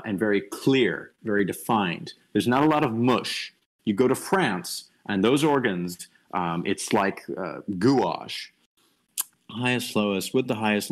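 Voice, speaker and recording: A young man giving a casual online lecture over a voice call, thinking aloud with frequent restarts and fillers and blunt opinionated asides. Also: on the low side. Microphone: computer mic on a voice call.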